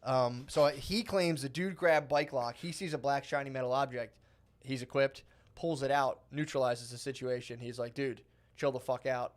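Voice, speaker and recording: A man in his thirties tells a rambling story on a comedy podcast. He acts out every quote in the story and laughs often. His voice sits at an average pitch. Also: fairly even intonation, normal speed. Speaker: podcast co-host. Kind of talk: casual comedy podcast chat.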